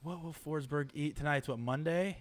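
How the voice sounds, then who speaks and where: A man's voice: on the high side, a little fast, no room sound. A man co-hosting a chat podcast, joking around and trailing off mid-sentence. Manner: jokey, laughs often, trailing sentences. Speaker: podcast co-host. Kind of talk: casual chat.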